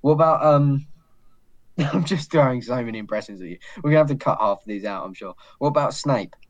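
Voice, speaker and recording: A man's voice: medium pitch, highs cut off. Teasing young man hosting a podcast. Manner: teasing, joking, quick to laugh. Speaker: podcast host. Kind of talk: casual chat.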